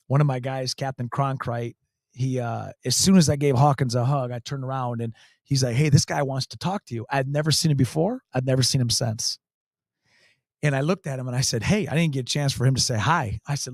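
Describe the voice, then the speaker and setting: A man's voice: medium pitch, fairly quick, dry recording, clean studio sound. A man, a county sheriff, telling a story in an interview, emphatic and earnest, repeating key phrases. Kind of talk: storytelling in a talk show interview.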